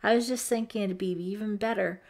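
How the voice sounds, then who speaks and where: A woman's voice: medium pitch, fairly even intonation, fairly quick, a little mellow, lightly acted. A woman voicing a friendly, joking teenage boy camp counselor with an easygoing, teasing manner.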